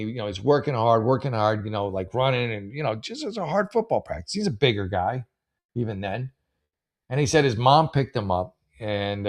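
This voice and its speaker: A man's voice: medium pitch, darkish tone. A man hosting a casual advice show, blunt and sarcastic, rambling with lots of fillers and restarts. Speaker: host giving advice.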